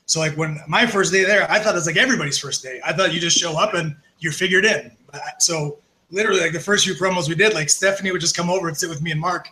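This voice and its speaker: A man's voice: on the high side, quick pace, poor audio. A man guesting on a podcast, telling backstage stories in a loose, profane way, full of fillers. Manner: animated, profane, lots of fillers. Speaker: podcast guest, former wrestler. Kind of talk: casual storytelling.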